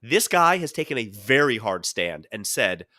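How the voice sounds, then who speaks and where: A man co-hosting a casual podcast, telling stories in an animated way and slipping into quoted voices. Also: on the low side, moderate pace, no echo, studio quality. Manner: animated storyteller who jumps into quoted voices. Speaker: podcast co-host.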